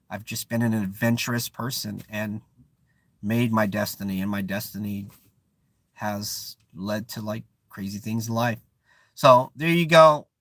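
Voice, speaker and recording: A man's voice: medium pitch, fairly bright tone, no echo. A man with a Bay Area accent whose first language is not English, hosting a casual live-stream chat and often stopping to search for words. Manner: searching for words, frequent restarts and fillers. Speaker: channel host.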